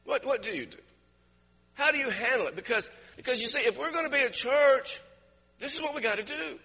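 A man preaching a sermon as a pastor, swinging from fervent shouting to soft, low prayer. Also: expressive, fairly quick, slightly rough. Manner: impassioned, shouting at peaks, dropping soft in prayer. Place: church sanctuary. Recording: dull lo-fi recording in a reverberant hall.

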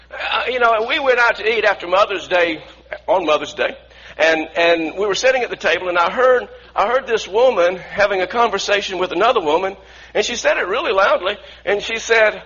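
High bright-voiced male preacher. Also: brisk, slightly rough, dull audio. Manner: earnest, repeats and restarts phrases; asks the congregation to repeat lines. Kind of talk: sermon.

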